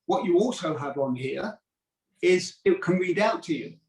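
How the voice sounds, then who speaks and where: Casual salesman, a bit higher-pitched, heard distant and echoey over a call. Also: expressive, normal speed. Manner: casual, rambling with restarts and fillers. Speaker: product demonstrator. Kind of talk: live video call product demo. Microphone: video call. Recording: roomy, distant video call audio.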